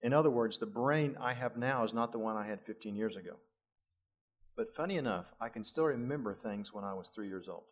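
A man's voice: mid-range voice, animated, fairly quick. A middle-aged male pastor preaching a sermon, lifting his voice for emphasis and adding chuckling asides.

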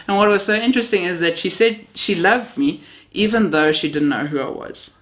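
A woman's voice: lowish voice, brisk, hardly any pauses, fairly bright tone. A woman from Namibia, preaching a sermon built on personal stories, heartfelt with a self-mocking sense of humor.

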